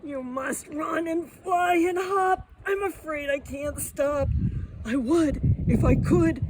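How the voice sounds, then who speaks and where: A woman's voice: high-pitched, slow pace, a little mellow, slight background noise, voice pushed up. A woman voicing a big fretful male elephant, with a wailing, anxious, pleading manner. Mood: apologetic, fretful.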